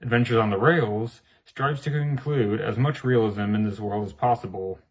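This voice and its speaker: Husky man reading a channel announcement. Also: on the low side, normal speed, rough recording. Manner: formal, read-out delivery. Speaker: channel creator.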